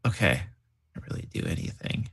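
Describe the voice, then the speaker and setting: A man's voice: a little fast, a bit bright. A man playing a tabletop game, talking casually and reacting with flustered exclamations. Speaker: player.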